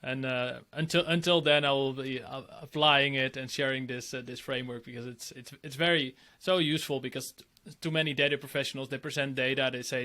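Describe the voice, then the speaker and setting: A man's voice: medium pitch, fairly even intonation, brisk, bright, forceful tone. Earnest male podcast host. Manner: earnest, many restarts and filler. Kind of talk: conversational interview.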